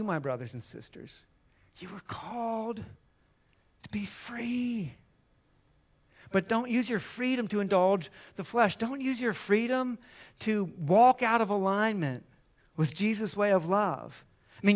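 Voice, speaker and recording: A male pastor preaching a sermon in a conversational, animated way, acting out little back-and-forth exchanges. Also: sits high.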